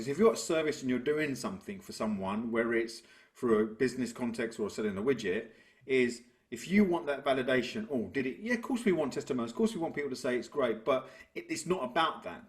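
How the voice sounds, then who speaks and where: A man, a business coach talking through ideas and telling stories in a relaxed interview. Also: medium pitch. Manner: reflective, tells stories to make a point. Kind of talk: conversational interview.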